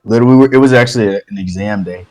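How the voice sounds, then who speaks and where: A young man co-hosting a casual podcast, telling a story in an animated way, swearing and laughing as he goes. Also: on the low side, racing, rough recording. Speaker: podcast co-host.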